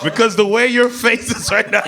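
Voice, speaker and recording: A man doing crude live stand-up comedy on a club stage, swinging between shouted bits and low asides to the audience. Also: moderate pace. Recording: live club recording with loud crowd laughter. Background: audience laughter.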